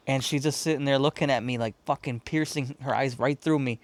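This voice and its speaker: This Chicago podcast host speaks fairly quickly at a medium pitch, barely pausing as he unspools a long, swear-filled, wandering story in casual chat. He plays out the people in it with quoted voices in an animated retelling.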